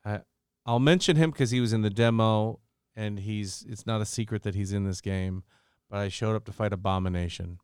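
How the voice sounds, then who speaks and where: A man co-hosting a casual review podcast, telling stories in an animated way and swearing freely. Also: on the low side, fairly quick, clear, resonant tone, no room sound, clean studio sound. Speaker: podcast co-host.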